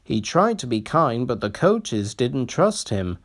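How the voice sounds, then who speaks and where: Children's story narrator: slow, measured, lively intonation. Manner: slow, expressive reading with lively pitch. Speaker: storybook reader. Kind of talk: children's storybook read-aloud.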